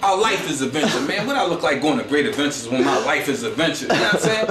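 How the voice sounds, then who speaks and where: His voice sits a little high and swings widely in pitch as he talks fast over a noisy crowd. He's a Philadelphia comedian doing a storytelling monologue, rambling, bragging, talking slang and tossing in "you know what I'm saying" nonstop. The mic is far away and echoey, with faint noise.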